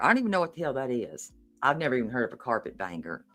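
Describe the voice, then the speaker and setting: A woman's voice: a bass voice, huge pitch swings, quick pace, few pauses, a bit bright, soft background music. A woman from Tennessee with a Southern accent, streaming live and reacting to a video with incredulous exclamations and frequent swearing. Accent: Southern American.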